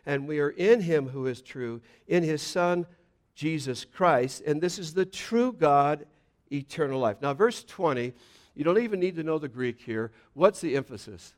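A man delivering a sermon in a voice a touch higher than most men's. He moves between forceful, loud declarations and quiet, low asides as he works through scripture. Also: lively intonation, normal speed. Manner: preaching with swings from loud emphasis to hushed low passages. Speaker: pastor.

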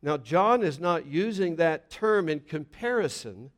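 A man delivering a sermon in a voice a touch higher than most men's. He moves between forceful, loud declarations and quiet, low asides as he works through scripture. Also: expressive, a little slow. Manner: preaching with swings from loud emphasis to hushed low passages. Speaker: pastor.

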